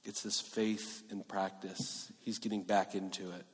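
Earnest preacher in an echoey hall. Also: male voice, deep voice, flat delivery, a little slow, breathy edge. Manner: earnest, swings from emphatic to hushed. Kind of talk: sermon.

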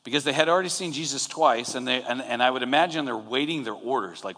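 A male pastor preaches a sermon in a conversational, storytelling manner, often slipping into quoted lines. His voice sits at an ordinary pitch for a man. The room lends it a long hall reverb. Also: fast talker, pushed and bright. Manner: conversational, retells scenes with acted-out quotes.

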